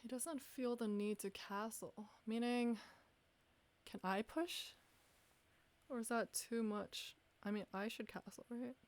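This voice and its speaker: A woman with a fairly high, steady voice talks slowly while analyzing her chess games on stream. Thinking out loud, she asks herself questions and mocks her own mistakes.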